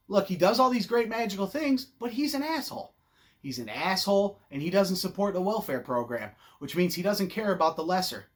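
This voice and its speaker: A man's voice: high voice, pushed and bright. A man delivering a profane comedic rant with mock outrage. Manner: ranting, swearing, mock indignation. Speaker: comedic ranter.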